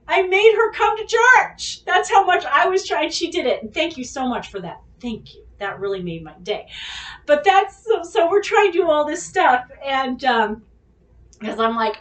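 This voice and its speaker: Woman vlogger, bit higher voice, profane and animated storyteller, sits back from the mic in a roomy space. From California Bay Area. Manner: profane, animated, addresses viewers directly. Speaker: vlog host. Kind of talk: casual storytelling. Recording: echoey room, mic at a distance.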